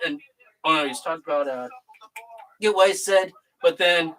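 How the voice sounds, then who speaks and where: A channel host chatting casually, rambling through a story with acted quotes and excitable bursts. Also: mid-range voice, normal speed, low-quality recording. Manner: excitable, bursts into loud laughing shouts. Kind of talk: casual recap chat.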